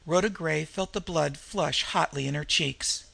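Gravelly, bright-voiced male narrator. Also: on the high side, measured pace. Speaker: audiobook narrator. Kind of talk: scripted narration.

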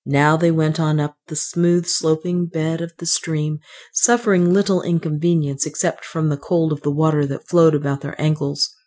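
A woman narrating an adventure novel as an audiobook in a measured storytelling manner. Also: low voice, little pitch movement, darkish tone. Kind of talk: scripted narration.

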